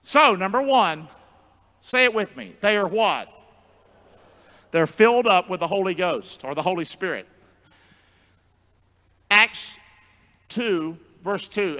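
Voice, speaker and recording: A male pastor preaching a sermon in call-and-response style, jumping from shouts to low murmurs. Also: slow pace, long pauses. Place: church sanctuary. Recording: long church hall reverb.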